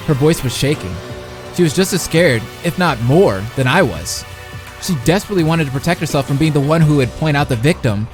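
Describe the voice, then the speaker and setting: Young man reading a visual novel live. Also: on the high side. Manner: playful, chats with his live chat between read passages. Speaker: streamer and commentator.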